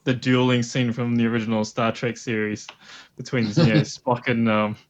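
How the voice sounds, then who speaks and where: A man's voice: medium pitch, little pitch movement, normal speed. Australian male podcast co-host, giggly and rambling, heard through a dull lo-fi mic. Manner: giggly, rambling, hums tunes. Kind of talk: casual chat.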